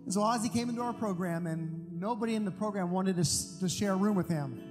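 A man preaching a sermon as pastor, telling stories in an animated, emphatic way. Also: high voice, fast. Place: large church hall. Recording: long hall reverb with music. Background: guitar music.

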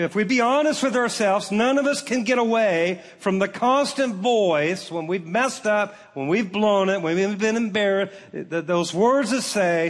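A man preaching to a congregation with a fairly high voice. He reads scripture slowly and jokes with the crowd in an animated delivery. The sound carries a long reverb from a big hall. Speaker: pastor. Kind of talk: sermon. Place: large church auditorium.

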